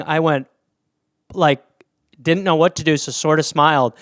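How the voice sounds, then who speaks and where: A man's voice: fairly high pitch, unhurried, fairly bright tone, clear, resonant tone, no echo, clean studio sound. A man hosting a casual solo podcast, rambling through anecdotes with plenty of swearing. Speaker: podcast host.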